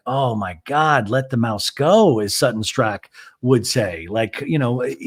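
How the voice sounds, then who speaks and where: A man hosting a casual recap podcast, talking in a chatty, rambling way and thinking aloud. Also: a little mellow. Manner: mimics cast members in high mocking voices. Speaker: podcast host.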